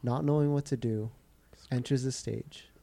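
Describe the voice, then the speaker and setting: A woman's voice: extremely low pitch, fairly even intonation, moderate pace, gravelly, warm tone. A woman setting up scenes for an improvised comedy sketch in short asides. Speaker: scene-setter in a comedy podcast. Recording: noisy background.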